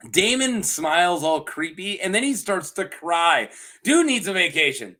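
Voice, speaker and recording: Animated, bright-voiced man reviewing a show. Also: sits high. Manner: goofy, laughs often, acts out characters in quick funny voices. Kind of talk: casual solo review chat.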